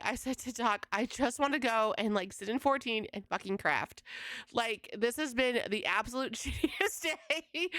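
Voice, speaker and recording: A young woman livestreaming from home, venting to her chat in a casual, exasperated rant with swearing and quick retellings of conversations. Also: a little high, pushed and bright, no echo, studio quality. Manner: exasperated, swearing, quoting others in fast retelling. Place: home streaming setup.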